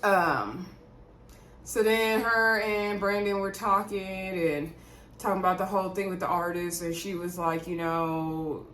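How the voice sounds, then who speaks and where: A woman's voice: on the low side, steady tone, unhurried, fairly bright tone, a little hiss or hum. Chatty woman recapping TV, roomy sound. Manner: rambling, chatty, digressive, with frequent asides and fillers. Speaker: reality TV recap vlogger. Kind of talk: casual chatty episode recap. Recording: roomy echo.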